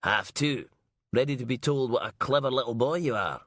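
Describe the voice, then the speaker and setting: A man's voice: mid-range voice, brisk, fairly bright tone, no room sound, clean studio sound, lightly acted. Man voicing a sweary female inspector. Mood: teasing. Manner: sweary, sarcastic, ranting. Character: foul-mouthed brash female detective inspector.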